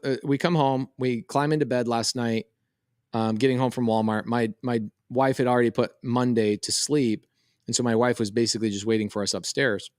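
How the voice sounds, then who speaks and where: A man, telling a lively story on a podcast and acting out the voices. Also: medium pitch, dry recording, studio quality. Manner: animated, quotes voices in a story. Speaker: podcast co-host. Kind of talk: casual storytelling chat.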